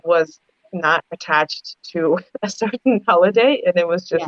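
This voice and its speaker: A woman's voice: fairly low pitch, a little slow, no room sound, muffled recording. A woman talking animatedly in a casual group discussion, telling stories with lots of rises in her voice. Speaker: podcast panelist.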